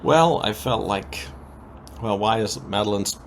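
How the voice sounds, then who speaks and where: Man, low gravelly voice, lively pitch, casual soap recap, faint background hiss. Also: measured pace. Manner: lively, animated retelling with many ums. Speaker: podcast co-host recapping a soap opera.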